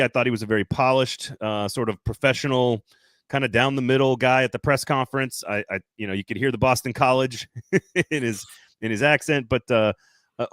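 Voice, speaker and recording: A man's voice: mid-range voice, fairly bright tone, no echo. A man hosting a sports podcast, talking in a loose, rambling, jokey way. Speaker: podcast host. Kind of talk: casual sports talk.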